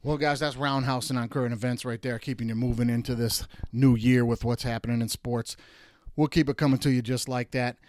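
A man from Detroit hosts a sports show in an exasperated, emphatic rant. He sits at a mid pitch and climbs sharply whenever he mocks something. The sound is dry and close to the mic, with no room around it. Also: fairly even intonation, fairly quick, darkish tone, no echo. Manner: exasperated, emphatic, swings high when mocking. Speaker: podcast host.

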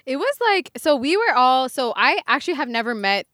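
A woman's voice: high voice, very animated, a bit bright, no echo, studio quality. A woman from New York, a singer on a podcast, talking in a chatty way full of "like". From New York, United States. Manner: chatty, lots of "like", quick to laugh off jokes. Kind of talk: casual interview chat.

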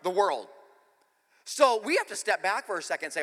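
Man preaching, high bright voice, swoops up and down, jokey story-driven sermon, reverberant hall. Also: brisk. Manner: animated, joking, self-deprecating. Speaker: pastor. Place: church in the speaker's home city.

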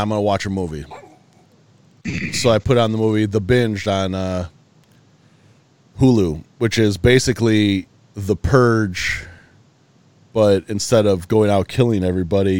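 A man's voice: fairly low pitch, a little mellow, clear, resonant tone, dry recording. A man co-hosting a podcast, telling a long story in casual chat, loose and profane with lots of restarts, sounding tired. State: yawning, tired. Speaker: podcast co-host.

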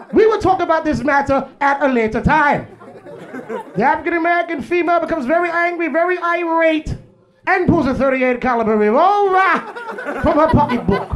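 A man voicing a stiff, clinical male nature-documentary narrator in a mock-formal tone. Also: very high-pitched.

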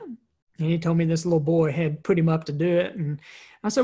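A woman giving a motivational talk, telling a personal story in an energetic, conversational way and often repeating words. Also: low voice, normal speed, breathy edge. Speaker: motivational speaker.

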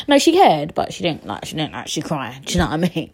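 A woman's voice: low voice, wildly swooping pitch, fast, breathy edge. Chatty young woman podcasting. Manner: chatty, swearing, self-mocking, emotional. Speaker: podcast host. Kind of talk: casual solo podcast chat.

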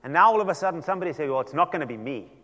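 A male pastor preaching a sermon, telling the story with lively acted-out dialogue. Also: a little high, racing, long reverb tail. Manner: animated storytelling, acting out quoted voices.

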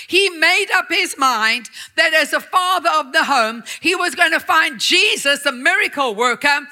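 A woman preaching a sermon, telling a story with emphatic repetition and sometimes dropping to a hushed voice. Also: high-pitched.

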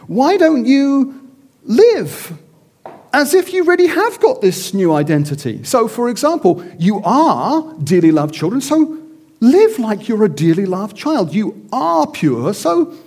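A middle-aged male preacher delivers his sermon with a fairly high voice. He tells stories animatedly, acts out the voices, and his pitch rises and falls expressively. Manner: animated storytelling with acted-out voices.

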